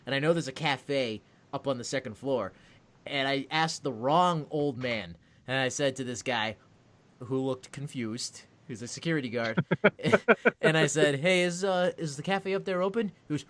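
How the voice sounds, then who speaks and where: A man co-hosting a podcast, telling an animated, profane story in casual chat. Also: a little high, a little fast. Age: adult with a daughter. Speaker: podcast co-host.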